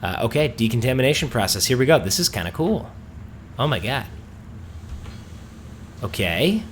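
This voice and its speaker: A man's voice: medium pitch, very animated, moderate pace, a little hiss or hum. A man hosting a let's play, chatting enthusiastically and reading quest dialogue aloud in a storytelling tone. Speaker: gaming host.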